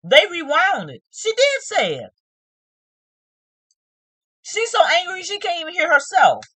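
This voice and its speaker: A woman's voice: very high-pitched, huge pitch swings, measured pace, pushed and bright, no room sound. A woman giving a casual, emphatic recap of a reality show, scolding the people in it and acting out what they said. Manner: emphatic, scolding, retells scenes with acted quotes.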